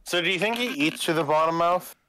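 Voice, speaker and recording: A man's voice: fairly high pitch, fast talker, pushed and bright, slight background noise, poor audio. A man chatting casually and jokily while playing a game, rambling and swearing. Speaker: player. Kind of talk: casual chat over a game.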